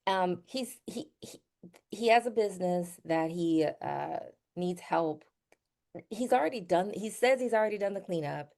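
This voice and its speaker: A woman's voice: medium pitch, expressive, measured pace, darkish tone. A woman on a video call asking a question hesitantly, with frequent restarts. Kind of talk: live Q&A question.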